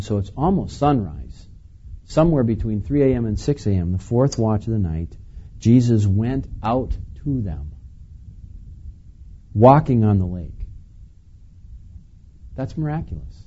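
A man preaching a sermon in a relaxed, conversational way, chuckling now and then and asking the listeners questions. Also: mid-range voice, measured pace, pauses often, slightly rough, dull audio. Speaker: pastor.

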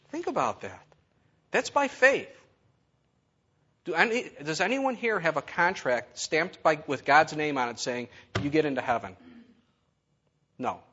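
A man's voice: a little high, fairly bright tone, breathy edge, lo-fi sound. A man preaching a sermon to his congregation, conversational and full of rhetorical questions. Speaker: pastor.

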